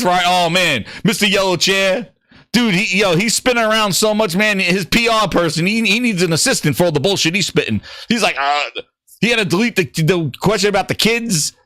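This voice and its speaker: High, lively ranting gaming streamer man. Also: dry recording, studio quality. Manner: excitable, profane and mocking. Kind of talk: livestream rant.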